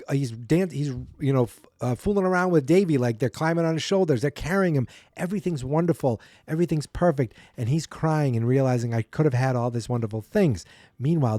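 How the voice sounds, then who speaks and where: A podcast host with a dark, mellow male voice gives a loose, rambling recap of a sitcom episode, slipping into higher, sillier voices when quoting the characters. The audio is close and dry, with no room sound at all.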